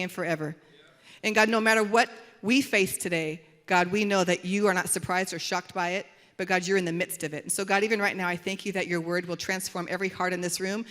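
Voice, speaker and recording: A middle-aged woman pastor delivers a sermon in a church auditorium, her voice at a middle pitch. She tells stories in an animated, dramatic way. The sound carries a long reverb from the hall. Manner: animated, dramatic storytelling with acted quotes. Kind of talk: sermon with storytelling.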